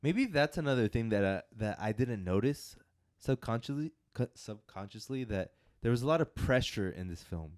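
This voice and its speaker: Man, lively pitch, casual movie chat, teasing, dry close sound. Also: normal speed, no room sound. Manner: animated, teasing, trails off mid-sentence. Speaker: podcast co-host.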